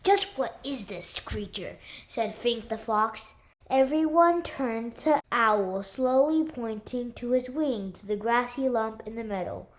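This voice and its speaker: A woman reading a children's novel aloud, unhurried, raising her voice for the animal characters. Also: fairly high pitch, expressive. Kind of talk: read-aloud storytelling.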